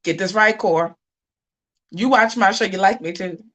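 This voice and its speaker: A woman hosting her own livestream, delivering a preachy, scolding rant. She hammers her points by repeating phrases, with animated swings in her delivery, in a middle-pitched voice. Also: measured pace. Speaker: channel host on a livestream. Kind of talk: casual livestream commentary.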